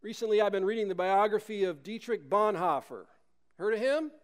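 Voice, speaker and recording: Pastor, male, emphatic sermon with rhetorical questions; clear, resonant tone. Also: sits high, expressive, fairly quick.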